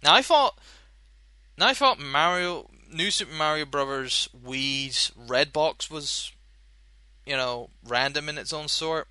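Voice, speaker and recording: A young man talks through a casual podcast segment, wandering from point to point with plenty of "uh"s and "you know"s. His voice is very bright and smooth, and the recording is close and dry with no room around it. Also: on the high side, expressive, slow, no echo. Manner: rambling, many fillers and restarts. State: chewing gum. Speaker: podcast host. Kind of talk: casual chat.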